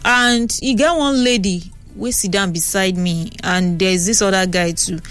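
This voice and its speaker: A young Nigerian woman hosting a radio talk show, chatting and telling stories in an animated way on a studio mic. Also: mid-range voice, a little slow, clean tone, faint music behind. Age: young adult. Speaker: radio host. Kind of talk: casual radio talk and storytelling. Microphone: studio microphone.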